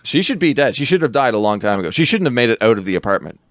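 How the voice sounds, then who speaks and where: A man's voice: medium pitch, sing-song, racing, dry recording. A man co-hosting a podcast, rambling through a film recap in casual chat, laughing often.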